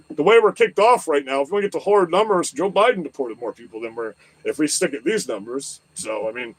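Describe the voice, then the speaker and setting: Agitated male streamer, foul-mouthed rant, high pitch, dry close sound. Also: big pitch swings, normal speed, hardly any pauses, dry recording. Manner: agitated, swears constantly, repeats questions. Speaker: livestream host. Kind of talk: profane political rant. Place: lives in southwest Florida.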